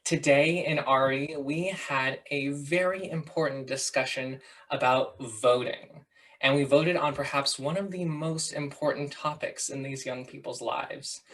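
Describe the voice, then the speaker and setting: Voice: medium pitch, steady tone, measured pace, a bit bright, far from the mic. An adult religious education director speaking in a friendly, upbeat way to a congregation over a video call. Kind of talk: addressing a congregation.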